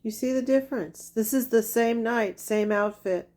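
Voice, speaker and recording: A woman's voice: on the high side, normal speed, darkish tone. A woman giving critical commentary over clips, blunt and accusing, with pointed repeated questions. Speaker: commentary creator.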